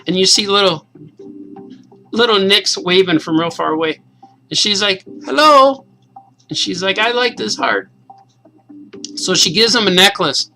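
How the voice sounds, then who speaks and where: A man in his forties, a cartoonist, casually and excitedly reading his comic aloud to kids. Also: high-pitched, moderate pace, faint music behind, low-quality recording. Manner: enthusiastic, casual, says "man" a lot.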